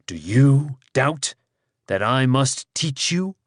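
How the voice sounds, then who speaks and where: A man's voice: expressive, slow pace, no echo, studio quality. A man doing a proud, imperious would-be god. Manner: grim, ringing and imperious, deep proud voice.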